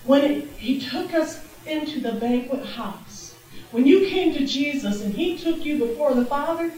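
A middle-aged woman preaching a testimony sermon in a church, exuberant and laughing, breaking into shouts of praise. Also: sits high, lively intonation, measured pace. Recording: very echoey church, distant mic.

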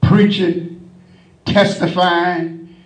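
A man preaching with a very high voice, heard from a distance in a reverberant room. He builds his sermon in rhythmic phrases, punctuating nearly every line with a repeated refrain and climbing into shouts. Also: little pitch movement, extremely slow. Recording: echoey room, mic at a distance.

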